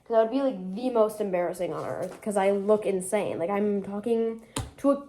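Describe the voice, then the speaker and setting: A woman's voice: medium pitch, moderate pace, warm tone, a little hiss or hum. A young woman from Michigan with a Michigan accent, chatting in a rambling way full of "like" fillers as she cooks in her home kitchen, recorded on a phone propped on the counter. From Michigan, USA. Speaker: vlogger. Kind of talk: casual cooking vlog chat.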